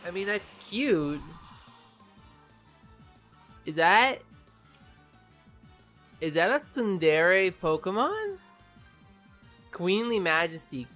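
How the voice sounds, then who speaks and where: A just-woken gaming YouTuber reacts to a new trailer with sleepy excitement. The voice sits in a middle pitch and drags along at an unhurried pace, with cursing and stumbles over tricky names. Soft music plays faintly underneath. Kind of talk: casual reaction commentary.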